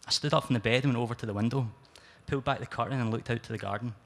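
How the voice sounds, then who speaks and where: A young Scottish man reading his own fiction aloud at a live spoken-word event, in plain, steady storytelling. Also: medium pitch, rapid-fire. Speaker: writer reading his work.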